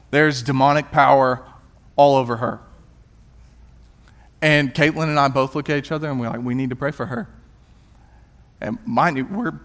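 A male youth pastor and worship leader telling a personal testimony in a sermon, animated and self-mocking, with quick restarts. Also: a little high.

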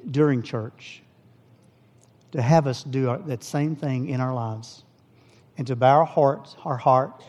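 A man preaching, telling a personal story with acted-out dialogue and easing into soft prayer at a church service. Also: medium pitch. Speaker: pastor. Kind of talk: sermon testimony. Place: church service, also streamed online.

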